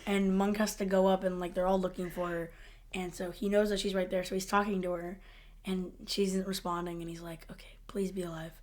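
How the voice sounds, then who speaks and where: A woman's voice: mid-range voice, level tone, fairly quick, darkish tone. A young woman co-hosting a podcast, retelling TV scenes casually and laughing a lot. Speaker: podcast co-host.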